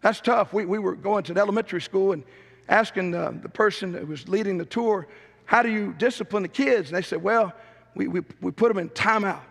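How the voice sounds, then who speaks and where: In a church sanctuary, a middle-aged pastor with a drawl delivers a sermon, his high, gravelly, fairly bright voice ringing with long reverb. He preaches fairly quickly in an emphatic storytelling style, repeating points to drive them home.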